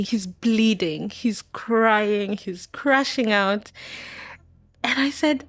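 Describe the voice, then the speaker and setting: A woman's voice: fairly high pitch, measured pace, dry recording. A woman from Kenya in her thirties, a podcast guest telling a personal story with emotion, laughing often. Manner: candid and emotional, laughs often, acts out quoted voices.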